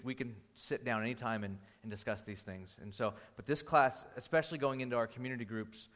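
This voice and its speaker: A man's voice: mid-range voice, a bit bright, long reverb tail. A man teaching a Bible class as a pastor. He talks in a conversational way, with restarts and anecdotes. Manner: conversational, restarts and anecdotes, rising energy when storytelling.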